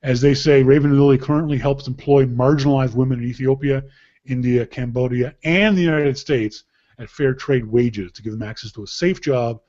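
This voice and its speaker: A man hosting a podcast, chatting casually and telling joking, animated stories about holiday gifts. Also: mid-range voice, fairly quick, lo-fi sound. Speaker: podcast host. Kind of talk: casual gift-guide chat.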